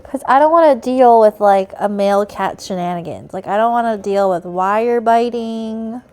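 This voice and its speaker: A woman's voice: fairly high pitch, normal speed, a little mellow. A young woman streaming, chatting casually and slipping into cooing baby talk to praise her cat.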